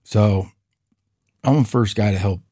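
A man co-hosting a podcast, telling a story in a casual animated way and acting out the voices of the people in it. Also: on the low side, measured pace, husky, no room sound, studio quality. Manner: animated storyteller, acts out quoted voices, says "bro" and "dude". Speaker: podcast co-host.

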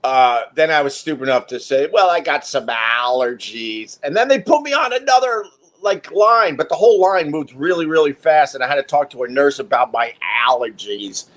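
A man in his fifties, hosting a livestream and chatting off the cuff. He rambles through his stories, mocks himself and swears freely. His voice sits a bit higher than most men's. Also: lively intonation, fairly bright tone. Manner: profane, self-mocking, halting with fillers. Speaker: livestream host. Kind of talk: rambling casual storytelling.

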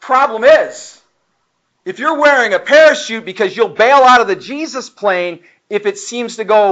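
A male pastor preaching a sermon, acting out stories and dialogue with lively emphasis. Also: sits high, normal speed, highs cut off. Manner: animated storytelling, acting out dialogue.

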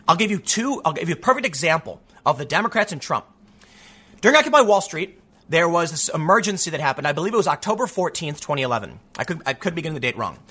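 A man's voice: fairly high pitch, breathy edge. A man hosting a show and delivering an opinionated monologue, emphatic, acting out quotes in the voices of others. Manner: animated, emphatic, acts out quotes. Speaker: political commentator host.

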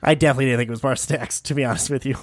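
A man's voice: mid-range voice, steady tone, rapid-fire, no room sound, clean studio sound. A man co-hosting a podcast, guessing movies in casual banter, easygoing and self-mocking, swearing when stumped.

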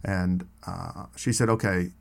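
A man's voice: fairly low pitch, normal speed. A man telling personal hiking stories in a casual, rambling way, full of asides and restarts. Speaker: storyteller. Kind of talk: casual spoken storytelling.

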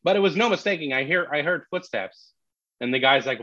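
Animated man telling a story, lo-fi. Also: on the high side, brisk, dry recording. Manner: animated storyteller with frequent restarts. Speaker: comedian guest. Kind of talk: casual podcast storytelling. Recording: dull lo-fi dry sound.

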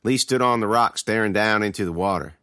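A man's voice: fairly low pitch, fairly quick, pushed and bright, no echo, clean studio sound. A man giving a dramatic first-person reading of a scripted horror tale. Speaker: storyteller.

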